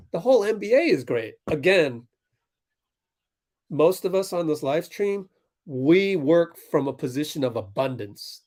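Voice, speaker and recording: Animated man ranting over a live game. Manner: animated, ranting at chat, swings between fired-up and low muttering. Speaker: livestream host. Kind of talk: live game commentary and fan chat.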